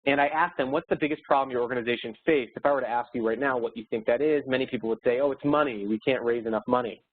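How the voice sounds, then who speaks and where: A man's voice: mid-range voice, fast talker, husky. A man in his thirties giving a motivational webinar talk, earnest and upbeat, coaching his listeners with anecdotes. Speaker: webinar speaker. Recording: phone-like narrow sound.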